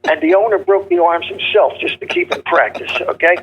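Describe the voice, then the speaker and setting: An older man telling comedy stories in a punchy, joke-driven way, acting out gruff characters. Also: on the high side, fairly quick, lo-fi sound. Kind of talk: casual storytelling interview.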